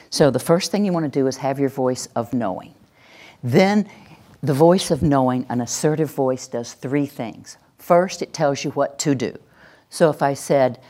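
A woman teaching a workshop to an audience, animated and acting out example voices. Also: rumbling low. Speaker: teacher trainer.

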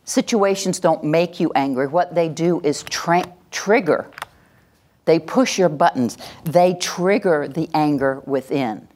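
Low-voiced woman leading a workshop. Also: slow, darkish tone. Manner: leads call-and-response, acts out example phrases. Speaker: workshop presenter. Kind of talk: live workshop talk to an audience.

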